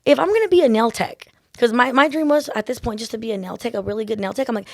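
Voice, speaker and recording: A woman's voice: a little high, lively intonation, no echo, studio quality. A woman nail artist telling stories in a casual chat, full of "like" and "literally". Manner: fast, chatty storyteller, lots of "like" and "literally".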